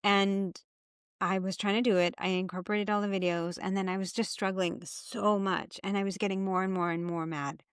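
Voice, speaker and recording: A middle-aged woman hosting a casual podcast, telling a story with animated energy and acting out her own past frustration. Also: mid-range voice, moderate pace, clean tone, no room sound, clean studio sound. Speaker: podcast host, health coach.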